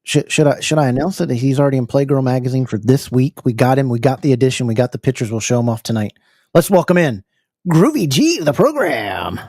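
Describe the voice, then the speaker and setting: An American man hosting a live podcast, energetic and full of fillers, repeating words as he goes. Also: medium pitch, fast, dry recording, studio quality. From United States. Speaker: podcast host. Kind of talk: casual live podcast chat.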